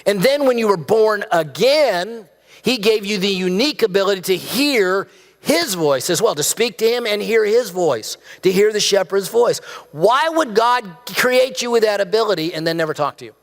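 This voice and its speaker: High-voiced male pastor preaching. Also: animated, moderate pace. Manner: conversational preaching with rhetorical questions and humor. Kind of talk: sermon. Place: church sanctuary. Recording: church hall with long reverb.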